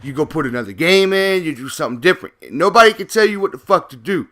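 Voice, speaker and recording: A man with a bright, edgy voice delivers loose gameplay commentary as a YouTuber. He rambles, swears freely and gets heated as he makes his points. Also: a little high, expressive, quick pace. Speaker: gaming YouTuber. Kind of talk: casual ranting commentary.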